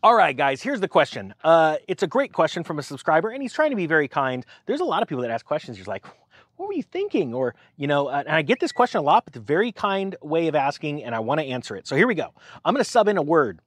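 Host type: animated guy, sarcastic asides, bright lively pitch, dry room. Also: fast talker, no echo. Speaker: host of a finance channel. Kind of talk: casual chat to camera.

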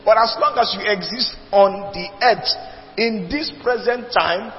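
A man's voice: high-pitched, measured pace. A man preaching a sermon, emphatic and repetitive, calling on the congregation to respond. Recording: dull lo-fi recording with long reverb.

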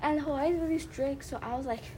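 A young woman chats casually as a podcast co-host, telling her stories by acting out what other people said. Her voice is fairly high. Light noise hisses behind the recording. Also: fast talker, warm tone. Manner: tells stories by quoting others. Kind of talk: casual chat.

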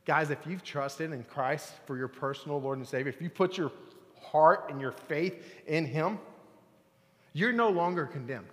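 A man in his thirties preaching a lively sermon, playful and talking straight to the room with bursts of excitement. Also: on the high side, moderate pace, big-room sound. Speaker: youth pastor. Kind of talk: lively sermon to a young crowd. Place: large church hall.

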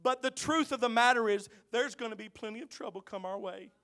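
High, bright-voiced preacher shouting sermon. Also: male voice. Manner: swings from quiet storytelling to shouted, drawn-out exclamations; tells jokes in a folksy way.

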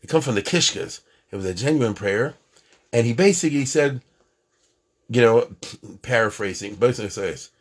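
A man's voice: medium pitch, animated, moderate pace, long pauses, slightly rough. A man teaching a conversational religious class, chatting, checking in with his listeners and counting items aloud.

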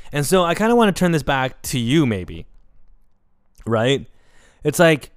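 A man's voice: mid-range voice, no echo. Young male podcast host, reflective solo monologue, casual swearing, resonant tone, dry studio sound. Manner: candid, rambling, swears casually.

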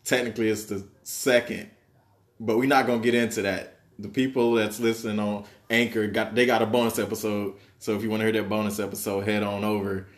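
A young man hosting a podcast, chatting in a relaxed, joking way full of slang. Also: fairly low pitch, fairly quick. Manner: laid-back, joking, slangy. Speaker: podcast host. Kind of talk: casual chat.

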